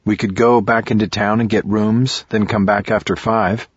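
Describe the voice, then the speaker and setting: A practical, brisk female prosecutor who asks short questions, as a male narrator voices her. The tone stays husky and the sound is dry and a little dull. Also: lowish voice, little pitch movement, no room sound.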